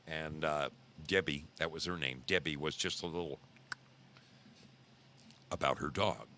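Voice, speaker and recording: A middle-aged man hosting a podcast, telling a story casually in a low voice, rambling and repeating himself for emphasis. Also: measured pace, bright, forceful tone, slight background noise. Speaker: podcast host.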